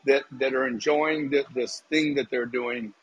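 A man's voice: mid-range voice, fairly even intonation, measured pace, highs cut off, a little hiss or hum. A man speaking as a guest in a live debate room, confident and promotional, urging listeners to join. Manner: confident, promotional, hyping the audience.

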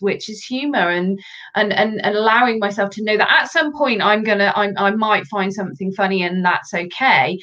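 A woman guest in a casual chat, telling personal stories in an animated, candid way. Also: medium pitch. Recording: dull lo-fi audio.

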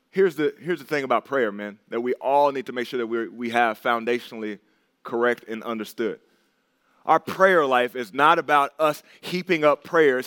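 A man's voice: on the high side, fairly bright tone, no room sound, clean studio sound. A man, a pastor teaching a men's Bible study in a conversational, emphatic way with informal asides.

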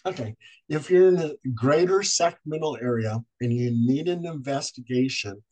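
Male podcast guest, paranormal investigator, animated storyteller who does the voices, mid-pitched. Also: moderate pace, poor audio.

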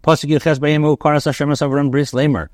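Rabbi reading and translating, dry sound. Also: male voice, a little high, level tone, quick pace, dry recording. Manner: reads a phrase, then translates it, with frequent ums and self-corrections. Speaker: rabbi teaching a daily Torah class. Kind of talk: reading and translating Hebrew text line by line.

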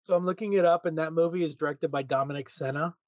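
Easygoing podcast guy, slightly high voice. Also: steady tone, no room sound. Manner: easygoing, laughs often, halting restarts. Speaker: podcast co-host. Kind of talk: casual movie chat. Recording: dry, dull lo-fi sound.

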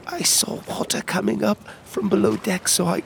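A man voicing a weary, frightened young fairy girl who speaks in a quiet, raspy voice. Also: high-pitched, steady tone, normal speed, slight background noise, voice pushed up. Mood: subdued.

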